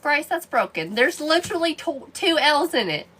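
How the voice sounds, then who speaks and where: A woman chats through a live craft stream, answering viewers by name between steps. Her voice sits high and swoops widely, with a bright, sharp ring. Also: big pitch swings, moderate pace, a little hiss or hum. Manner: chatty, answers viewer comments by name as she works. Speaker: wreath and decor crafter hosting a live stream. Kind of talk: casual live-stream chat while crafting.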